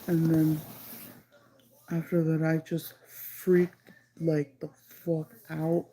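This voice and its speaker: A woman's voice: low-pitched, level tone, mellow, rough recording. A woman casually telling a story on a livestream, rambling with lots of "like" and slipping into Spanish. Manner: rambling, heavy use of "like", slips into Spanish; stretches some phrases out slowly when stressing them.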